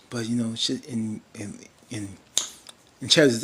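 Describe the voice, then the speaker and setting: A man's voice: fairly low pitch, steady tone, moderate pace, fairly bright tone, slight background noise. A man casually recapping a TV drama episode, rambling with many fillers and restarts and briefly mimicking characters.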